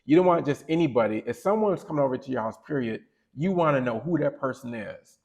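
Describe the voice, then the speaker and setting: A man's voice: medium pitch, lively intonation, quick pace, darkish tone. A man co-hosting a podcast, giving opinionated casual commentary that rambles and corrects itself as he goes. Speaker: podcast co-host.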